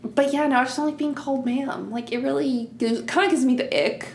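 A woman's voice: sits high, fairly even intonation, fairly quick. A woman in her twenties from the American North, co-hosting a podcast in casual, blunt, chatty talk. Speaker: podcast co-host. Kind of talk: casual chat. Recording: echoey room with faint hiss.

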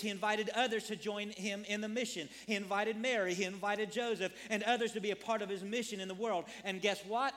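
Man, high-pitched voice, pastor preaching, earnest, rhetorical questions, repetition. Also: bright, forceful tone. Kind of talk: sermon.

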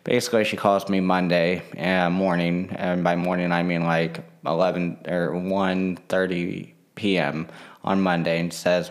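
Guy with a super deep voice just rambling casually to the camera, lots of likes and ums. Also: steady tone, normal speed. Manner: rambling, full of fillers and restarts. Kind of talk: casual monologue.

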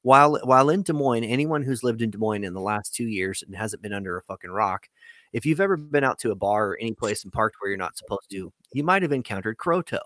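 A man's voice: lowish voice, expressive, fast talker, a bit bright, no room sound. A man telling a rambling, profane story in a casual chat as a podcast host.

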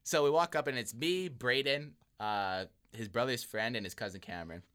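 A man's voice: mid-range voice, normal speed. A young man hosting a podcast, telling a story casually and acting out the people in it, laughing often. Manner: animated, acts out voices, laughs often. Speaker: podcast host.

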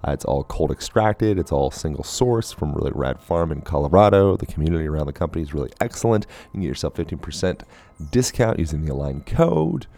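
Male podcast host, very low voice, playful and jokey, casual delivery. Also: sing-song, quick pace, vocal fry, mellow. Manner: playful, jokey, laughs easily. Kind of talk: casual podcast chat and ad reads.

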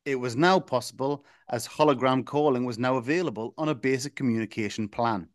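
A man's voice: medium pitch, fairly quick, dry recording. Dry-voiced man reading aloud. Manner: deadpan reading, breaking into chuckles. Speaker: podcast co-host reading a listener's story. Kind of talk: reading a comic story aloud to a co-host.

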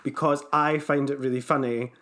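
A young man, chatting casually on a podcast, animated and teasing and quick to laugh. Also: mid-range voice. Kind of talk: casual chat.

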